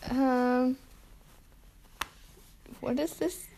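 A woman's voice: high voice, fairly even intonation, extremely slow, gravelly, noisy background. A young woman co-hosting a podcast, chatting casually in a giggly, rambling way. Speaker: podcast co-host. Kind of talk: casual chat.

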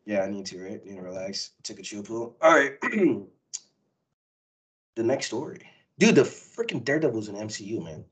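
A man co-hosting a casual pop-culture podcast, talking excitedly and rambling with frequent laughs. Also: lowish voice, moderate pace, breathy edge, low-quality recording. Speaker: podcast co-host. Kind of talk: casual chat.

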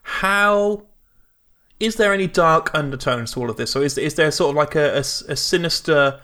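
A man co-hosting a casual podcast, eager and chatty, quick to laugh. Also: on the high side, pushed and bright. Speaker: podcast co-host. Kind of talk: casual chat.

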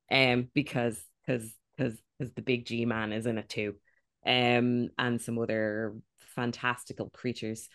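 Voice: mid-range voice, flat delivery, unhurried, a bit bright, smooth, no room sound, clean studio sound. A podcast co-host in casual chat, laid-back while recommending shows.

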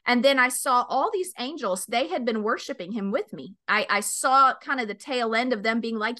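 A woman's voice: moderate pace, few pauses. A woman in her forties hosting a podcast, telling a story animatedly and acting out the voices. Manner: animated storyteller, acts out voices with big pitch jumps. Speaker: podcast host. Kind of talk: casual chat, storytelling.

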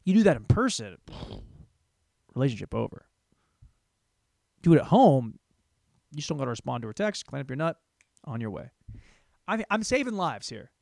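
A man's voice: medium pitch, very animated, normal speed, creaky, long pauses, a little mellow, no echo, clean studio sound. A man in his thirties hosting a solo comedy podcast. He talks in a crude, rambling, self-mocking way. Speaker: podcast host.

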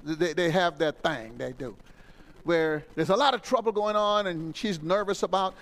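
A middle-aged man preaching a sermon, acting out little dialogues and swinging from shouts to hushed asides. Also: a little high, moderate pace, low-quality recording. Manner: dramatic, voices others in dialogue, swings from loud to hushed. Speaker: pastor.

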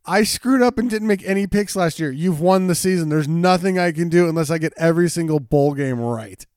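A man's voice: fairly high pitch, fairly quick, a little mellow, smooth, no echo, clean studio sound. A young man co-hosting a casual sports podcast, jokey and hyped, repeating phrases for effect. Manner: jokey, hype-driven, repeats himself. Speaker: podcast co-host.

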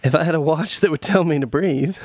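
A man's voice: a little high, brisk, darkish tone, no echo, clean studio sound. A man co-hosting a podcast, chatting casually, telling sarcastic stories and rambling with plenty of fillers. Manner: joking, sarcastic storytelling. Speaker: podcast co-host. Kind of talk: casual chat.

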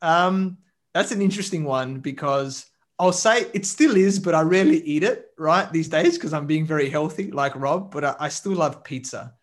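A man in a casual interview, answering with many pauses and restarts. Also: a little high. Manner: hesitant, many ums and restarts. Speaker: guest, coach and mentor.

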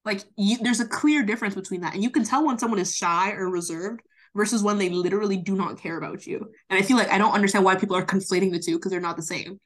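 A woman's voice: medium pitch, fast talker, few pauses. Young woman co-host, casual podcast chat, emphatic and opinionated, mid-range voice. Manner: emphatic, opinionated, gets hyped.

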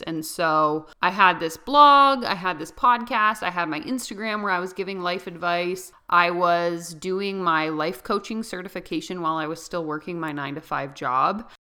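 Solo podcast host: young woman, lowish and bright, chatty, rambling. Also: moderate pace, few pauses, smooth. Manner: chatty and rambling, often laughing. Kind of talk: unscripted solo podcast talk.

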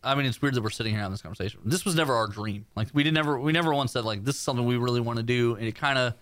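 A man co-hosting a podcast, telling stories in a casual, animated way and breaking into loud impressions. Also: mid-range voice, racing. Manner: animated storyteller, does loud shouting impressions. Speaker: podcast co-host. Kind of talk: casual chat.

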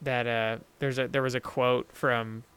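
A man's voice: mid-range voice, level tone, measured pace, fairly bright tone, clean tone. A young man co-hosting a casual podcast chat, rambling and self-interrupting, laughing easily. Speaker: podcast co-host.

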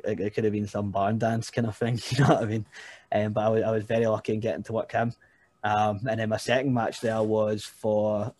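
A man's voice: fairly low pitch, warm tone, no room sound. A young Scottish man, a guest wrestler, telling stories in a rambling, laughing way and often saying "you know what I mean". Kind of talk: casual podcast chat.

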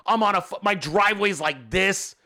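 A man with a high, bright, forceful voice tells a story as a podcast host. He is animated and exasperated, and he curses heavily as he rants. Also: normal speed. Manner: animated, exasperated, heavy cursing. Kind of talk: profane storytelling rant.

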